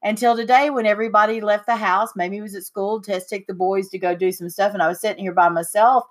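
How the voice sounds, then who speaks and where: A middle-aged woman hosting a casual chat podcast, telling stories with lively, acted-out quotes. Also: quick pace. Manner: animated storyteller, acts out quotes with big pitch jumps. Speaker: podcast host.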